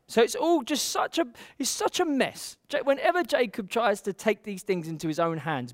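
High-voiced man retelling Bible stories. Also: no echo, clean studio sound. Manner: chatty retelling, acts out quotes with fillers. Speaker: Bible teacher. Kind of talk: casual Bible storytelling.

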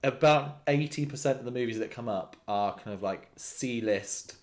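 A man co-hosting a podcast in casual chat, opinionated and animated, laughing often. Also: mid-range voice, normal speed. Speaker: podcast co-host.

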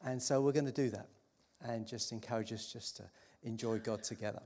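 A man preaching to a congregation in an unhurried, reflective way, often restarting his sentences. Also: medium pitch, fairly even intonation, darkish tone. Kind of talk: sermon introduction.

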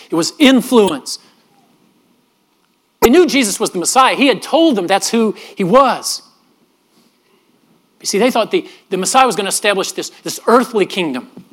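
A middle-aged man, a pastor, preaching a sermon in an earnest manner, often dropping his voice softly and repeating words as he goes. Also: high-pitched. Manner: earnest, with frequent soft drops and repeated words.

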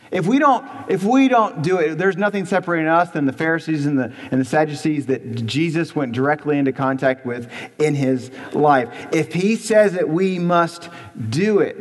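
A man preaching an emphatic sermon as a pastor in a church, stressing points by repeating them and asking rhetorical questions. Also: on the high side. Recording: long reverb in a church hall.

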